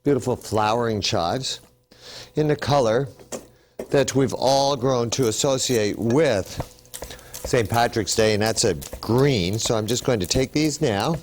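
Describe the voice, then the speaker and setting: A man with a middle-pitched voice hosts a television cooking demonstration. He is upbeat and chatty and talks through every step while he works. A faint noise sits under the voice. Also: unhurried. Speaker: cooking show host.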